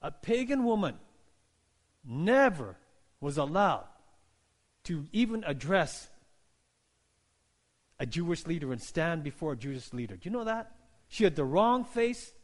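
A male pastor preaching a sermon, moving from hushed, quiet passages to loud, rising calls and asking the congregation questions. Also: a little high, big pitch swings, unhurried, pauses often. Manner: asks the congregation questions, repeats phrases.

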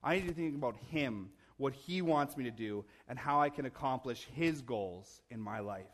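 A man's voice: mid-range voice, lively intonation, moderate pace. A man in his thirties, a pastor preaching a sermon in a church, conversational with humorous asides and emphatic rises. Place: church sanctuary.

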